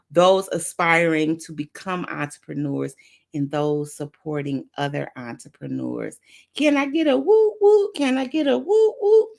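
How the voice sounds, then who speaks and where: A woman with a low, gravelly voice hosts a live motivational affirmation stream as a talk show host. She repeats phrases in a preacher-style call-and-response.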